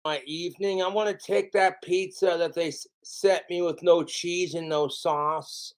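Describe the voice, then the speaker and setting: A man's voice: sits high, fairly even intonation, measured pace, rough recording. A man on a livestream, ranting sarcastically and with heavy swearing at his viewers.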